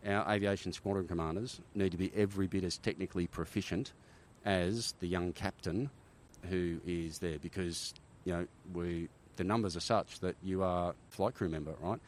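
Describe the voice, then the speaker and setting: A middle-aged Australian man, a former army helicopter pilot, telling animated stories in a casual interview, often checking in with "right?". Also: sits low, moderate pace, hardly any pauses, a little hiss or hum. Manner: animated war-story telling, frequent "right?" tags.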